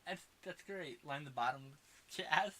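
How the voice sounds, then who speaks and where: A man co-hosting a podcast, chatting casually about a movie, excitable and quick to swear and laugh. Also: a little high. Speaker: podcast co-host. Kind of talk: casual movie review chat.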